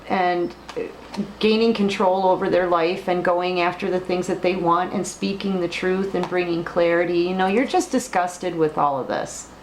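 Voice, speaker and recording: Woman tarot reader, slow deliberate delivery, repeats herself for emphasis, echoey room, faint hiss. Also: mid-range voice. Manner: emphatic, repeats words, fillers. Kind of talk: late-night tarot reading.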